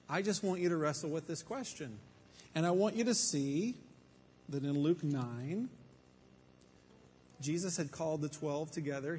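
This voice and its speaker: A man's voice: on the high side, darkish tone. A man preaching a Bible teaching to a room full of people, conversational and emphatic, with rhetorical questions. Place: room with an audience. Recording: faint reverb and background noise.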